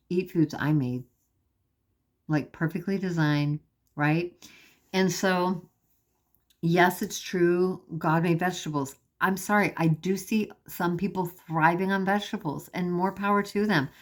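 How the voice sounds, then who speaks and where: A woman records a personal video diary with a somewhat low voice. She talks earnestly and with emphasis, straight to her viewers. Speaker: vlogger.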